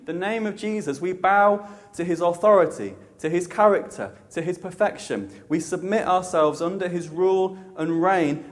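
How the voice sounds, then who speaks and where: A man preaching a sermon with an emphatic, repetitive cadence, dropping soft and low for reverent passages. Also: big-room sound.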